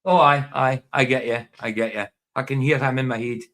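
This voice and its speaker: Doric scottish guy just chatting away, laughs a lot, says stuff twice, mid-pitch voice. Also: fairly even intonation, brisk, a bit bright. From northeast Scotland. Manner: chatty, laughs often, repeats himself. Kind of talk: casual chat.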